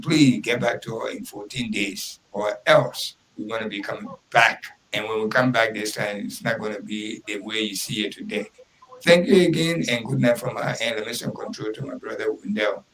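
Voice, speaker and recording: Deep-voiced radio host man. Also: moderate pace, a bit bright, poor audio. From Liberia. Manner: earnest, emphatic, repeats key words. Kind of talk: casual radio talk with weather report.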